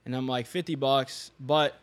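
A young man, a podcast guest and online fitness coach, telling a story in casual chat, animated and often laughing, acting out the people he quotes. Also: medium pitch, moderate pace.

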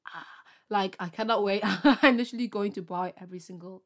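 A woman's voice: mid-range voice, fast. Bubbly young woman podcaster. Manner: bubbly, excitable, rambling with many fillers and laughs. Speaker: podcast host. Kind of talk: casual solo podcast chat.

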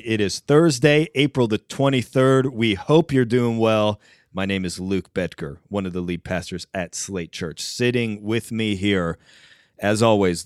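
A man's voice: on the low side, smooth, no room sound, clean studio sound. A man who is a pastor hosting a podcast, chatting casually with upbeat, joking banter.

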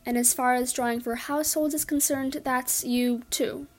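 A woman reading the part of a formal, steady man who runs a village ritual, giving measured directions. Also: high-pitched.

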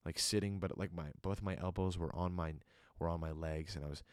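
A man's voice: low voice, steady tone, fairly quick, clear, resonant tone, no room sound, studio quality. A young man hosting a solo podcast, telling a personal testimony in an earnest, emotional way with many fillers. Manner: earnest and emotional, many fillers, jokes then turns reflective. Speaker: podcast host.

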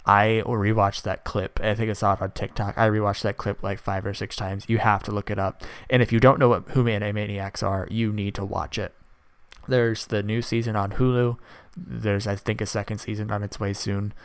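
A young man in his early twenties talks alone on a podcast, opinionated and loose, often restarting his sentences. His voice is low and gravelly with vocal fry, and the sound is dry and close, with no room around it. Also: little pitch movement, normal speed, no echo. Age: early 20s. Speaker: podcast host. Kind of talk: casual opinion monologue.

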